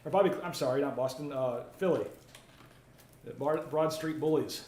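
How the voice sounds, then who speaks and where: A man's voice: medium pitch, moderate pace, darkish tone. A man hosting a live card break, chatting casually while opening packs and reading out viewer comments. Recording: roomy echo, faint ambient noise.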